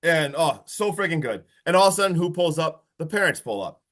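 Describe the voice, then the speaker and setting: A man co-hosting a podcast, recapping a horror movie in an excitable, casual chat full of swearing and "like". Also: fairly high pitch, fast. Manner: excitable, swears freely, heavy use of "like". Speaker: podcast co-host.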